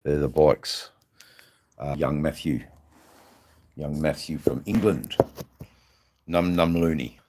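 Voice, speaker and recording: A man's voice: rumbling low, slow, long pauses, a little mellow, a little hiss or hum. An Australian man hosting a casual live stream, rambling and swearing freely as he chats with his viewers. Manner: rambling, swears freely, many "you know"s.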